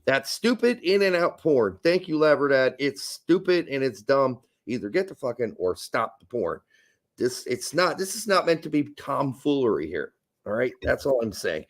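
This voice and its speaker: Animated, ranting male podcast co-host. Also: medium pitch, moderate pace. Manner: animated ranting, swears freely. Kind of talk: crude casual podcast banter.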